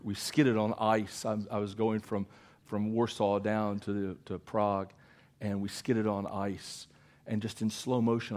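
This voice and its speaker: A middle-aged man preaching a sermon, telling stories with big swings from loud to hushed. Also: lowish voice.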